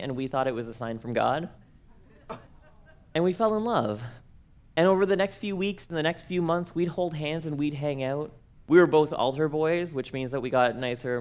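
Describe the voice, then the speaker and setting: A man's voice: medium pitch, clear, resonant tone. A young man, speaking at a workshop and telling comic personal stories in a playful, self-mocking way, acting out the dialogue.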